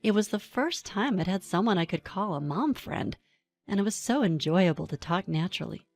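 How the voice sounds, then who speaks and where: A woman telling a first-person story in a calm, even way, with dry asides. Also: medium pitch, moderate pace. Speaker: narrator.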